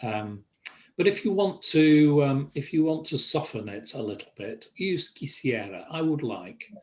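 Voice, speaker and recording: An older man teaching a Spanish class over a video call, pausing often with fillers. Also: mid-range voice, lively intonation. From England. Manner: halting, many fillers. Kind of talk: online language lesson.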